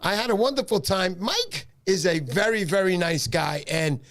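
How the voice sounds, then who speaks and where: A man's voice: high voice, lively intonation, moderate pace, crowd noise. A man hosting a casual fishing livestream, tired, greeting viewers by name in a friendly way.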